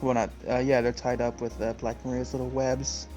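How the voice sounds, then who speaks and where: A man co-host recaps a comic chapter in an easygoing, rambling way, packed with fillers. His voice sits at an ordinary, middle pitch for a man. The talk is loose and conversational. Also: brisk, soft background music, rough recording. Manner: relaxed, rambling with many fillers; laughs often. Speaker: podcast co-host. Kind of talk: casual chat recapping a comic.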